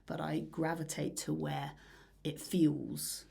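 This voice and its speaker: A low-pitched woman with a husky, gravelly voice speaks in a relaxed interview. She rambles dreamily, trailing off into soft, breathy asides and filling pauses. Her tone is casual and unhurried. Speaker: musician guest.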